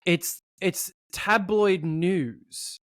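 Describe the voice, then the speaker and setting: Kuru, yakın mikrofonda konuşan bir adam; hızlı, coşkulu ve küfürlü bir podcast sohbeti. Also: male voice, high voice, very slow, dry recording, studio quality. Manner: animated, swearing, acts out voices mid-story. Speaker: podcast co-host. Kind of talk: casual conversation.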